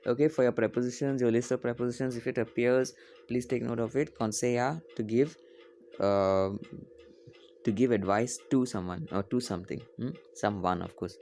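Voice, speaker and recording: A male teacher reading a French poem aloud slowly, repeating each line and translating it, often correcting himself. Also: mid-range voice, a little mellow, a little hiss or hum.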